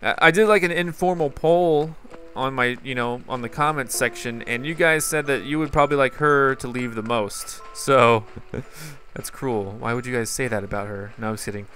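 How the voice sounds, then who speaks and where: Soft background music accompanies a gaming YouTuber as he rambles chattily through gameplay, speaking right to his viewers. His mid-range voice is fairly bright and moves at a moderate pace.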